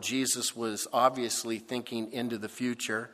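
A male pastor preaching a sermon slowly and emphatically, stretching out key words. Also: medium pitch, steady tone, a bit bright. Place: church sanctuary. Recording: long reverb of a church hall.

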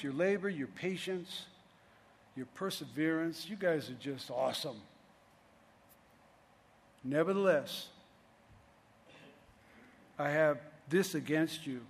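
A man's voice: on the high side, in a large hall. A middle-aged man preaching a sermon in a loose, conversational way, often restarting his sentences. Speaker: pastor.

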